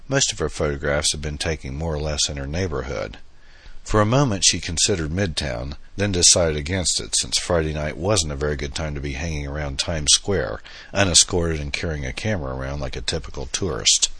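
A man giving steady, measured audiobook narration, recorded close on a studio mic. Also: rumbling low, husky, no echo.

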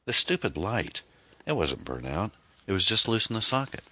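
A man's voice: lowish voice, very animated, normal speed, sharp tone, voice pushed up, full character voice. A man voicing a weary, grieving single mother as he reads a mystery novel aloud. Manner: weary, strained.

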